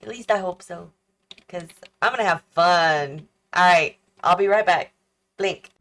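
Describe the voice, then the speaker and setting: A woman's voice: on the low side, measured pace, a bit bright. Woman, gaming channel host, casual build commentary, thinks aloud, yawning and tired. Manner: chatty, thinks aloud and questions herself. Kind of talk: casual commentary while building a house in a game.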